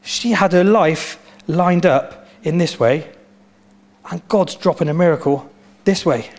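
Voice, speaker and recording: A pastor delivers a sermon in a slightly high, animated voice. He leans on repetition and lively storytelling to drive each point home. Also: a little slow.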